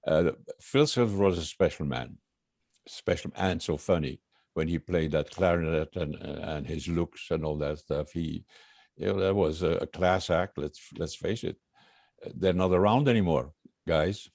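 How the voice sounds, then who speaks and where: Elderly male guest, very low voice, halting storyteller, dry close sound. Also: creaky, darkish tone, dry recording. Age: 80s. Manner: reminiscing, halting with many uhs, chuckles often. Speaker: guest singer. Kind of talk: casual interview chat.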